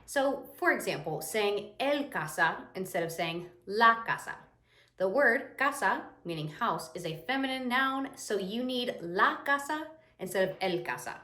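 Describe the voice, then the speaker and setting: A young woman giving a casual, lively lesson as a language teacher, chatty and explaining step by step. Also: mid-range voice, unhurried. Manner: lively, chatty, imitates the viewer's reactions. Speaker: Spanish teacher. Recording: echoey room.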